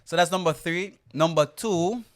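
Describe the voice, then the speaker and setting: A young Jamaican man co-hosting a casual podcast chat, easygoing and quick to laugh. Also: a little high. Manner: easygoing, laughs often, thoughtful. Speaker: podcast co-host.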